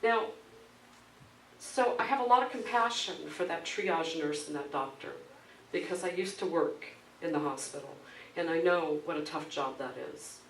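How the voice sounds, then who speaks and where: A woman's voice: low voice, moderate pace, slight background noise. A middle-aged woman minister preaching a conversational sermon, telling a personal story with frequent laughs. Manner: animated storytelling, laughs often, acts out quoted voices. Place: church sanctuary. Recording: echoey room, mic at a distance.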